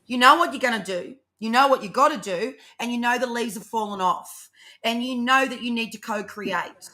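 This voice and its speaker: A woman doing a live tarot reading, talking fast and rambling, swearing freely as she goes. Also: on the high side, pushed and bright. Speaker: tarot reader co-host.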